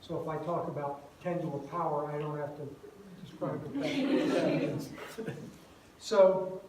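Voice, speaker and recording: A retired older man speaks to a student audience in a very echoey hall, heard from a distance. His voice sits a little high for a man, and he keeps it relaxed and self-deprecating, with plenty of uhs between thoughts. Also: a little slow, heavy background noise. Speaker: guest speaker. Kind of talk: lecture to a campus group. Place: large echoey room. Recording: echoey room, far from mic.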